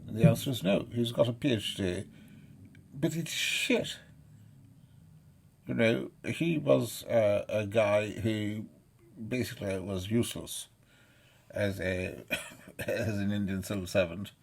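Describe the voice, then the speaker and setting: Gravelly man with a scornful profane rant. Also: fairly low pitch, slow pace, long pauses. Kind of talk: ranting monologue.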